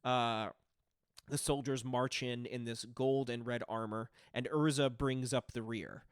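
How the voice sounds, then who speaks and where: A man narrating a tabletop game as game master, relaxed and full of fillers. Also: medium pitch, unhurried, clean tone, dry recording, studio quality.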